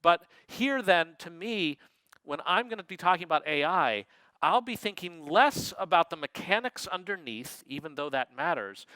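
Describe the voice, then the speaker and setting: Bright, wry male lecturer. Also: fairly high pitch, clear, resonant tone, dry recording, low-quality recording. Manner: wry, digressive, quick asides. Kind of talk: lecture talk.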